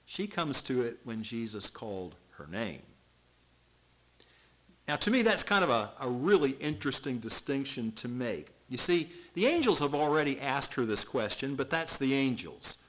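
A middle-aged male pastor preaching an expository sermon, reading scripture aloud and repeating words as he swings from loud to hushed. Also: mid-range voice, very animated, normal speed, rough recording.

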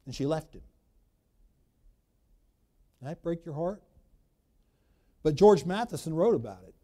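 A man preaching a sermon, emphatic, swinging between loud bursts and quiet asides. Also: a little high, animated, unhurried, long pauses. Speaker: pastor.

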